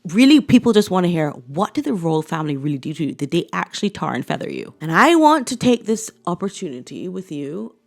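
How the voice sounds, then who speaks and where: A woman's voice: on the low side, very animated, a little fast, creaky, few pauses. Sassy, blunt woman commentator. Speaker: commentary vlogger. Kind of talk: casual opinion commentary.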